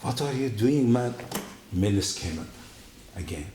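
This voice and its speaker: Animated man telling his story. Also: a little slow. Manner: animated storytelling, acting out quotes with big pitch jumps. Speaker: guest giving a testimony. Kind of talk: personal testimony story. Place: church. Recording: echoey church hall, faint noise.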